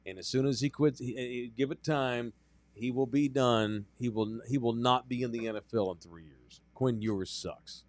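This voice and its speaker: A man's voice: medium pitch, moderate pace, no room sound. A man co-hosts a sports podcast in loose, casual chat. He is blunt and profane, and he gets heated. The sound is dry and close to the mic. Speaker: podcast co-host.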